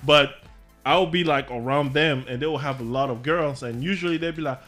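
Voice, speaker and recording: A man's voice: medium pitch, moderate pace, a bit bright, soft background music. A young man from Africa with an African accent, chatting casually and acting out other people's voices in his stories. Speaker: co-host gaming while chatting. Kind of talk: casual chat.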